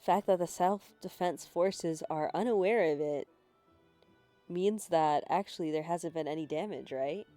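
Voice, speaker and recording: A woman's voice: lowish voice, a little slow, mellow, soft background music. A young woman streaming a game, chatting casually in a rambling, giggly, self-deprecating way, swearing and apologizing, on a handheld mic at home. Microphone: handheld mic, no desk.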